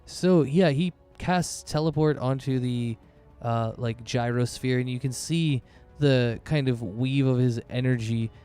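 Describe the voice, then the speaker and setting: A man's voice: mid-range voice, a little slow, hardly any pauses, mellow, clear, resonant tone, faint music behind. A man narrating a tabletop game as game master, in loose, chatty narration full of fillers.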